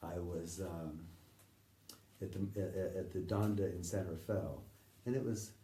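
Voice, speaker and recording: A middle-aged man recounting memories in a halting, conversational way, often acting out the voices he quotes and sometimes dropping to a near whisper. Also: low voice, fairly even intonation, mellow, a little hiss or hum. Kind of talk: conversational anecdote telling. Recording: distant roomy recording with faint ambience.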